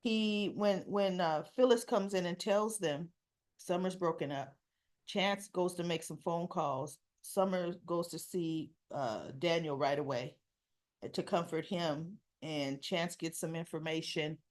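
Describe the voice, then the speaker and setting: A woman hosting a casual spoken soap opera recap, telling it in an animated, opinionated way and acting out the characters' lines. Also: on the low side, unhurried. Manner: acts out characters' dialogue.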